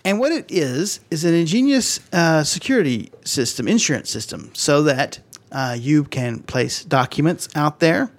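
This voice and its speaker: A podcast co-host in casual chat, a man whose voice swings widely in pitch as he rambles and jokes. He talks in a loose, playful way. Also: animated, normal speed.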